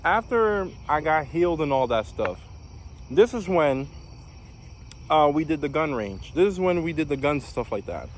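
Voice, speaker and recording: This young New York man has a fairly high voice with big pitch swings, talking at a moderate pace about his time as a navy recruit. The vlog is casual and rambling, packed with fillers and restarts, with slight background noise.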